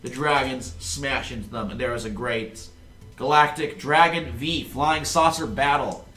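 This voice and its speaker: A man narrating a tabletop game as game master, playful and quick to laugh. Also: medium pitch, sharp tone, roomy sound, faint music behind.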